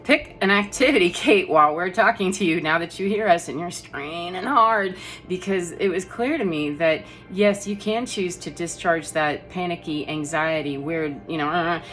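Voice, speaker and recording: A woman's voice: fairly low pitch, moderate pace, a bit bright, faint music behind. A middle-aged woman telling a personal story in a rambling, casual monologue, laughing often between fillers. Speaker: energy healer vlogger.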